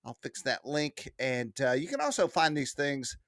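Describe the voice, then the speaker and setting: A man's voice: medium pitch, sing-song, normal speed, a bit bright, no room sound, clean studio sound. Chatty man hosting RC hobby news. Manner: chatty, enthusiastic, with frequent fillers. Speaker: host of a weekly RC news show. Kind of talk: casual news roundup.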